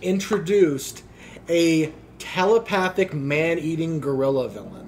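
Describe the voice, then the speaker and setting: Brief: young man, high voice, halting fan chatter about comics. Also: slight background noise. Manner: halting, restarts often, comic-book nerdy remarks. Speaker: film commentary co-host. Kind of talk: casual riffing over a film.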